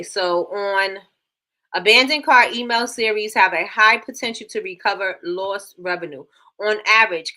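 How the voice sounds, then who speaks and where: A woman's voice: medium pitch, pushed and bright. A woman hosting a casual live business show, chatty and repeating herself as she reads out figures. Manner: chatty, repeats phrases, reads stats aloud. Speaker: livestream host.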